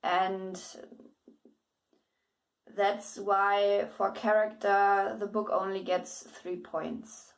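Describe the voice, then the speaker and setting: A woman's voice: mid-range voice, flat delivery, very slow. A woman with German as her first language gives a casual spoken book review, hesitant, with many fillers, restarts and bits of laughter.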